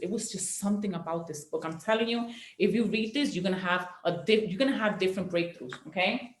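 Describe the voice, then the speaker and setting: A woman's voice: fairly low pitch, fairly even intonation, quick pace, echoey room. A woman giving a preachy, emphatic motivational training talk as a network marketing leader, repeating herself for effect.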